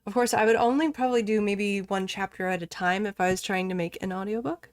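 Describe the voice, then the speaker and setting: A woman's voice: medium pitch, steady tone, quick pace. A chatty woman streamer rambles and giggles as she plays, now and then scolding the game. Her voice sits in a middle range. The sound is dry, close and free of room echo. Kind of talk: casual chat while live streaming a game.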